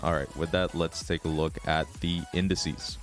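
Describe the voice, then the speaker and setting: A man with a raspy voice, chatting casually as a trading streamer, relaxed and swearing now and then. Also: a bass voice, normal speed, soft background music. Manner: relaxed, swears, laughs often. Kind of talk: casual live-stream chat.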